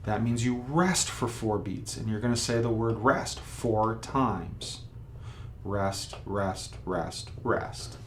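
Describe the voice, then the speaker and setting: A man at an ordinary pitch, patiently walking a beginner through a trumpet lesson one step at a time. He sounds out beats and syllables to show the rhythm. A faint hum sits behind his voice. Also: a little slow, hardly any pauses. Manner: patient, step-by-step explaining with spoken demonstrations. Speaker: trumpet teacher. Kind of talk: instructional video lesson.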